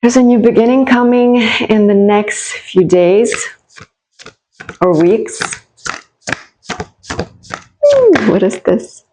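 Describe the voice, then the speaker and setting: A woman's voice: fairly high pitch, very animated, takes it slowly, long pauses, rough recording. A woman giving a casual tarot reading straight to the viewer, encouraging and reassuring, rambling with restarts as she turns each card. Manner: warm, encouraging, talks straight to the listener; rambling with frequent restarts and asides. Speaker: tarot reader.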